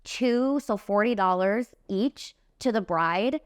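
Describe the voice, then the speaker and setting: On her podcast, a makeup artist in her late twenties recounts a personal story slowly, in a smooth, clear, middle-pitched voice. She's casual and emphatic, leaning on "like" and "literally," and the recording is dry with clean studio sound.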